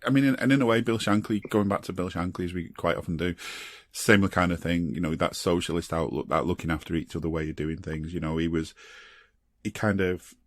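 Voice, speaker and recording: A man co-hosting a football podcast, talking in a lively way and laughing between points. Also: low-pitched, a little fast, no room sound. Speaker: podcast co-host. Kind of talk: casual football chat.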